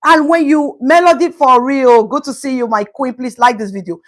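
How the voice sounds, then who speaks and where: A woman's voice: sits high, normal speed. A woman hosting a casual live stream, commenting on a news story and greeting viewers by name. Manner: animated, greets viewers by name, Pidgin asides.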